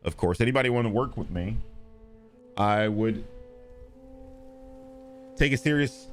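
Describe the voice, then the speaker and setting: A man streaming live, chatting casually and responding to viewers, animated and blunt, with frequent swearing. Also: unhurried, soft background music. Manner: animated, swings between loud and low, swears freely.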